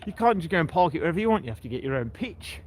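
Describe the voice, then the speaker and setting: A man's voice: fairly high pitch, big pitch swings, very fast, slight background noise, rough recording. A man, hosting a casual walking livestream by the sea and chatting to his viewers by name. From England. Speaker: livestream host. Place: outdoors on a seaside breakwater.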